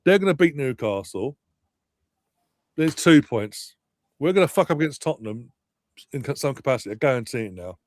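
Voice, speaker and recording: A man's voice: mid-range voice, lively intonation, normal speed, pauses often. A man, ranting bitterly and sarcastically about his football team's play. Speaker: football fan co-host. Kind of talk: angry live match watchalong rant.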